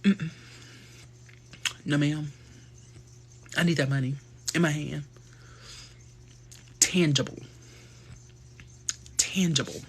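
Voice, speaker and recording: A man's voice: fairly high pitch, fairly even intonation, slow, pauses often, a little hiss or hum. A man voicing a sassy older grandmother who is set on getting paid, insistent and matter-of-fact.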